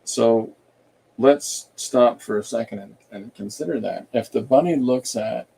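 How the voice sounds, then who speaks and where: A man hosting an art podcast, thinking aloud in a relaxed, rambling way while he draws and reads viewer comments. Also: mid-range voice, unhurried, gravelly, husky, rough recording. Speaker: artist and podcast host. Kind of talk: casual livestream chat while drawing.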